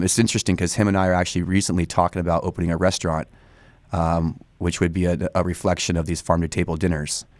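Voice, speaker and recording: A man's voice: low-pitched, darkish tone, no echo. A man in his forties from Northern California, a studio guest talking at length in a casual, rambling way with many restarts. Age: 40s. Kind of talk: casual interview talk. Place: radio studio.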